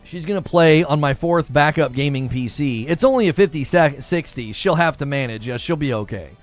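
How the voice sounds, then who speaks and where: A man hosting a casual livestream, chatting about news and reading viewer messages in an animated way, laughing often. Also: on the high side, a little fast, soft background music. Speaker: livestream host.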